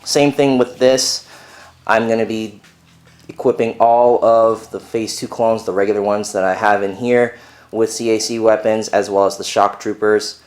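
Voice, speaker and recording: Chatty young man with a lowish voice. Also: steady tone, moderate pace, a little mellow. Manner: rambling, chatty, many fillers. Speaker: Lego builder vlogger. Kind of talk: casual video update. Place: bedroom at home.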